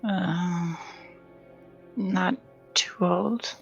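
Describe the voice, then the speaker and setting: A woman's voice: fairly low pitch, steady tone, extremely slow, vocal fry, dull audio, faint music behind. A woman playing a tabletop role-playing game, asking questions and thinking aloud about clues. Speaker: player. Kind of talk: casual tabletop game chat.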